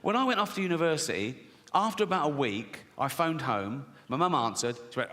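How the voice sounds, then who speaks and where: A man's voice: on the high side, big pitch swings, fairly quick, a bit bright. A middle-aged man doing a stand-up comedy set, telling stories and acting out quoted voices, laughing at his own jokes. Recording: live hall reverb, faint background noise.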